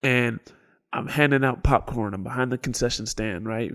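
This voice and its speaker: A man's voice: mid-range voice, normal speed. A man, co-hosting a podcast and telling stories animatedly, acting out the people in them with sudden whispers and bursts of volume. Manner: animated storyteller, acts out quotes, sudden whispers and shouts. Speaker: podcast co-host. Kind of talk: casual storytelling chat.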